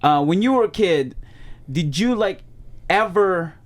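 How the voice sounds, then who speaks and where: A man's voice: sits high, lively intonation, measured pace. A man from the Philippines, hosting a casual podcast interview in an easygoing, conversational way. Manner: easygoing, conversational, asks follow-up questions. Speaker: podcast host.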